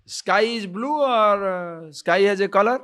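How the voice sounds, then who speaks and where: A man giving a spiritual lecture on scripture, who keeps asking his listeners rhetorical questions, chuckles often and slowly chants Sanskrit phrases. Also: sits high, fairly bright tone. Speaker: spiritual teacher.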